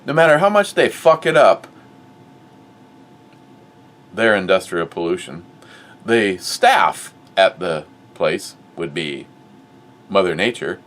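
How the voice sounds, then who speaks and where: A middle-aged man hosting a casual talk show, blunt and profane, swinging from muttered asides to loud outbursts. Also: low-pitched, big pitch swings, slow pace, long pauses, distant mic. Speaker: host of a review show.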